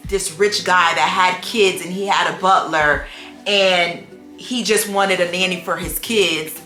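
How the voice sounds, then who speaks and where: A young adult woman chatting casually for her vlog, sassy and playful, with animated storytelling and quick asides. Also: mid-range voice, reverberant. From United States. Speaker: vlogger. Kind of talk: casual chat. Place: home room with a dog.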